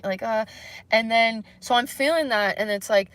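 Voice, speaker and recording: A woman's voice: fairly high pitch, fairly bright tone. Anxious young woman rambling on a livestream. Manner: rambling, self-searching, halting, many fillers. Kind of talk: candid solo livestream chat.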